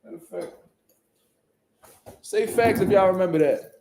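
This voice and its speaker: High-voiced man ranting about boxing. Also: moderate pace, gravelly, background noise. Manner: blunt, profane, ranting, heavy slang. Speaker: boxing commentary channel host. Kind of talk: casual unscripted commentary.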